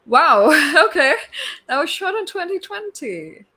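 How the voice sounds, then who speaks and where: Bright, higher-voiced woman host. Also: very animated, a little slow. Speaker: talk show host. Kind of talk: casual interview chat.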